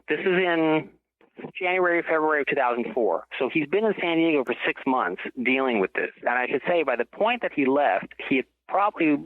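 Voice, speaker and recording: A man's voice: mid-range voice, no echo. A man, a guest author on an interview show, tells a long story and often stops to correct himself mid-sentence. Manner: rambling, self-correcting storyteller. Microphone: telephone. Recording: tinny dry phone line.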